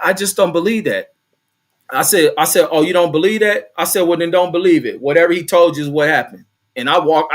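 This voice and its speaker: A middle-aged man tells a story from his old job in loose, profane, animated talk, stopping now and then to read viewer comments aloud. His voice sits a little high for a man. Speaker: host. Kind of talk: casual storytelling.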